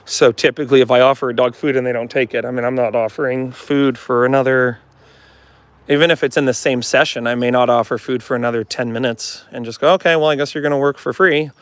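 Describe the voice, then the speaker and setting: A man's voice: medium pitch, little pitch movement, fairly quick, dry recording. A man talking as a dog trainer in a casual live demonstration, chatting to his viewers and coaxing a dog along. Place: at home with a dog, partly in the yard.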